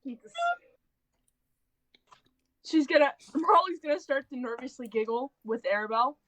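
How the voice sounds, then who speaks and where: A woman's voice: high voice, animated, moderate pace, fairly bright tone. A woman player in a tabletop role-playing game, joking and laughing with the table. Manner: playful, giggly banter.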